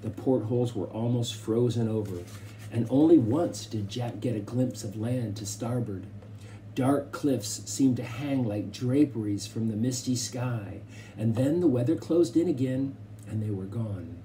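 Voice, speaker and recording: A man narrates a novel aloud with measured, expressive pacing. His tone is mellow and dark, with a faint hiss of noise behind him. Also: medium pitch. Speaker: audiobook reader. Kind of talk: scripted narration.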